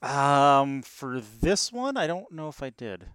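Hesitant man, smooth dry voice. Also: mid-range voice, sing-song, slow, no echo. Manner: hesitant, many fillers, laughs softly. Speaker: podcast co-host. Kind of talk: casual sports betting chat.

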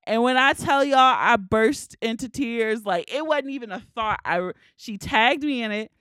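A woman's voice: on the high side, normal speed, a bit bright, clear, resonant tone, dry recording, clean studio sound. A woman hosting a solo podcast, crying as she speaks candidly and swears casually. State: tearful, crying. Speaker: podcast host.

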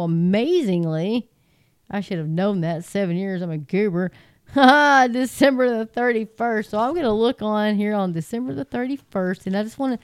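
A middle-aged woman speaks into a handheld mic, chatty and folksy as she reads scripture to her listeners. Her voice is mellow and smooth. The sound is close and dry. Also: mid-range voice, no room sound. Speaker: online Bible teacher. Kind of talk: casual livestream Bible talk and scripture reading.

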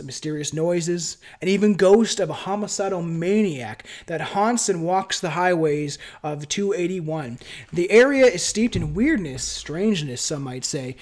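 A man from Canada with a high, light voice chats loosely on a podcast. He is profane and relaxed, often laughing as he stumbles through his script, recorded on a home mic setup at a friend's place. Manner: casual and profane, laughs while reading notes. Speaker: podcast host. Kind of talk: casual podcast chat with scripted reading. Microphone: different home mic setup.

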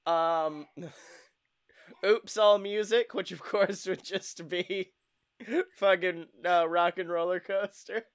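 A man's voice: high-pitched, fairly even intonation, slow, smooth. A man hosting a casual podcast chat, joking and riffing with profanity. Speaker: podcast host.

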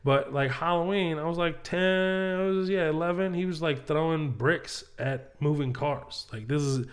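A man's voice: a little high, moderate pace. A man from Kuwait, a comedian guest, chatting casually and telling loose, profane stories with frequent laughs. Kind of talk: casual storytelling chat.

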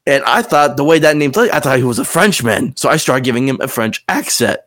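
A man with a Southern US drawl chats casually as a podcast host. He rambles, circles back and restarts often, filling gaps with ums. His voice sits at an ordinary middle pitch. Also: animated, fairly quick, fairly bright tone. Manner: rambling, many fillers and restarts. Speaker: podcast host and game master.

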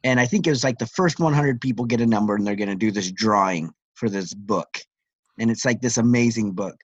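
A middle-aged man co-hosting a podcast, telling a story in an animated way with lots of fillers and restarts. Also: on the low side, fairly quick, husky, no room sound, muffled recording. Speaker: podcast co-host. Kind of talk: casual podcast chat.

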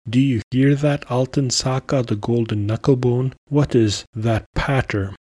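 A man's voice: medium pitch, steady tone, measured pace, darkish tone, husky. A man voicing a cunning old witch. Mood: taunting.

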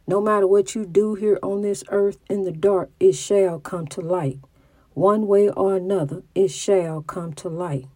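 A woman's voice: lowish voice, warm tone, no echo. Middle-aged country-talking woman with a slight stutter. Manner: preachy, testifying, restarts words. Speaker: mother. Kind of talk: religious testimony monologue.

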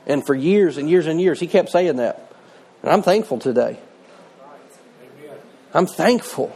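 Man, middle-aged, pastor, sermon, conversational, slightly high voice. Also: animated, normal speed, pauses often, a little mellow. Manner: conversational preaching with personal stories.

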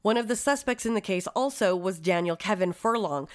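A woman on a true-crime podcast mic, half reading case notes and half chatting with a co-host. She talks in a loose, casual way and drops curse words into her asides. Her voice sits at a middling pitch. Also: lively intonation, brisk. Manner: reads case details then swears and riffs.

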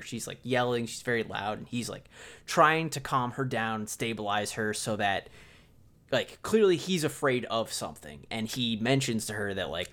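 A man's voice: mid-range voice, animated, moderate pace, fairly bright tone. Man vividly retelling horror scenes. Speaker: podcast co-host. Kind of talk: casual film review chat.

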